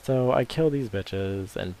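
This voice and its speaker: A man's voice: lowish voice, measured pace, dark tone. A man giving rambling, crude, joking commentary over his video game playthrough. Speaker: gameplay commentator. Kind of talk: casual let's-play commentary.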